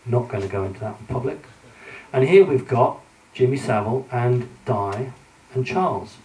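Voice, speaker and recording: A man's voice: mid-range voice, normal speed, darkish tone. A man giving a talk with slides to a live audience, speaking conversationally and directly to them, with frequent ums and restarts. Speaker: public speaker lecturing with slides. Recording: roomy hall, voice from a distance.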